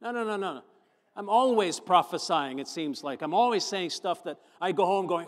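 A man, a pastor, preaching a sermon, moving from chatty storytelling to fervent, loud emphasis. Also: sits high, lively intonation, moderate pace. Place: church sanctuary. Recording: long church hall reverb.

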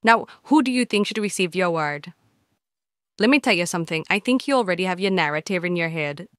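A woman takes viewers to task one comment at a time, blunt and scolding. Her voice is smooth and clear. It sits close and dry in the recording. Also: fairly low pitch, animated, a little fast, a bit bright, no echo. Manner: blunt, scolding, talks straight to the listener. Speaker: channel host answering viewer comments.

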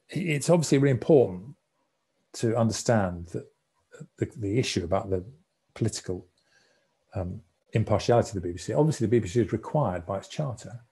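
A man in his sixties giving an anecdotal public talk as a former broadcasting executive, telling stories in a relaxed, conversational way. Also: on the low side. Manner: conversational storyteller, relaxed and reflective.

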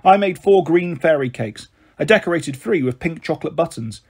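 Husky man reading a children's book. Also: fairly high pitch, normal speed. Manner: steady, expressive narration. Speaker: storyteller.

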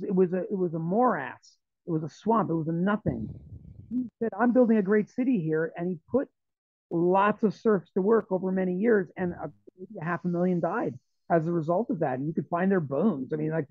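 High-voiced man over a tinny line. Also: no echo. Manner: rambling, animated storytelling with frequent restarts. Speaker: interview guest. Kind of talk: conversational interview. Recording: tinny, phone-like dry sound.

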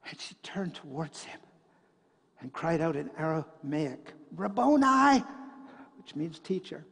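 A man preaching a sermon in a church, telling a story and swinging between loud passages and hushed ones. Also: a little high, fairly even intonation, a little slow, breathy edge, in a large hall. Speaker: pastor. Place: church sanctuary.

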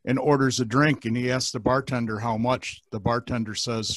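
A man's voice: medium pitch, steady tone, moderate pace, dry recording. New guy telling a dry science joke. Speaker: new staff member.

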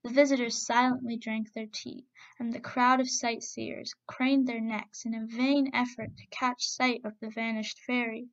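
Woman storyteller, gravelly, fairly high voice, little pitch movement, dull lo-fi sound. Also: normal speed. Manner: steady expressive reading with voiced quotes. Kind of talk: storybook narration.

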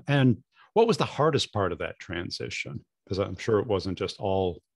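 Low-voiced man hosting a podcast. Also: very animated, unhurried, slightly rough, dry recording, studio quality. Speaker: podcast host. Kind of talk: interview questions.

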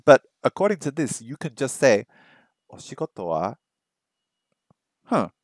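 A man's voice: medium pitch, very animated, a little slow, no room sound. A man with a mid-range voice talks his way through practice, repeating the same short phrases again and again. He mutters half to himself and pokes fun at his own slips. The sound is close and dry, with no room around it. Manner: thinks aloud, repeats phrases over and over, self-mocking. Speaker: streamer learning a language. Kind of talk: casual think-aloud study stream. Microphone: streaming microphone that picks up his voice weakly.

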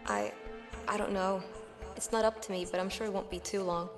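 Eine Frau spricht eine ruhige Gefängnisschwester. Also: female voice, mid-range voice, very animated, fairly quick, faint music behind, close to an everyday voice. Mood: calm. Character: calm adult female prison nurse. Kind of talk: game dialogue.

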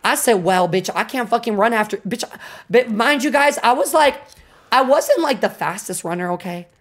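A young woman streamer telling a story to her chat, animated and full of swearing and fillers. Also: on the high side, normal speed. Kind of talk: casual storytelling to a live chat.

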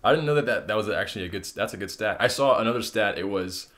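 A man co-hosting a podcast in casual, laid-back chat, often laughing and pausing on fillers. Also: fairly low pitch, lively intonation, a bit bright. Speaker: podcast co-host.

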